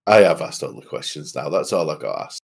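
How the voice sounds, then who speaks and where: A man's voice: a bass voice, animated, a little fast, vocal fry, breathy edge. A man co-hosting a podcast, chatting casually, rambling and laughing as he quizzes the others. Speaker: podcast co-host. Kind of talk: casual chat.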